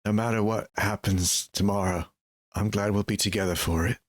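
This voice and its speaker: Softly devoted paladin, played by a man, low and a bit distant. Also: steady tone, dry recording, studio quality, lightly acted. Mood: tender. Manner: soft, halting affection.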